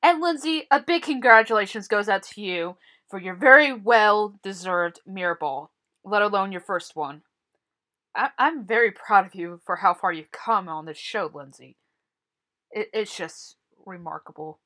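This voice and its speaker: Animated, bright-voiced opinionated woman. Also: mid-range voice, moderate pace. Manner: blunt, opinionated, swears freely. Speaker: TV commentary vlogger. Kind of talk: casual solo commentary.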